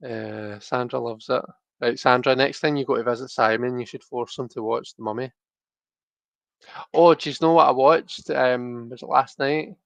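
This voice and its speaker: A man in his thirties rambles through a casual livestream chat with viewers, circling back and restarting his sentences. His voice has a gravelly, fry-laden texture and sits at an ordinary pitch. The sound is dry and close, with almost no room echo. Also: steady tone, moderate pace. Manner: rambling, chatty, many restarts and fillers. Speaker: tarot livestream host.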